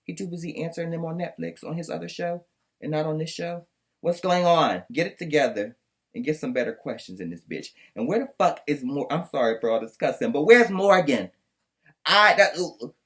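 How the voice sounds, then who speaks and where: A man hosting a casual recap podcast, ranting in a sassy, profane, exasperated way. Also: fairly high pitch. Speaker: podcast host recapping a reunion. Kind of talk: casual commentary with clips.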